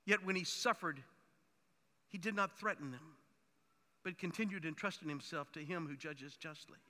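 A man's voice: fairly high pitch, bright, forceful tone, long reverb tail. A man preaching a sermon, emphatic and building in force as he drives his points home. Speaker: pastor.

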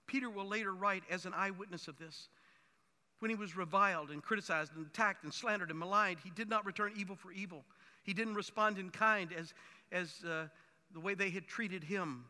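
A male pastor delivers a sermon with emphatic, building force. His voice sits high and sounds sharp and very bright. A long reverb trails behind him, as in a large hall. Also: fairly quick.

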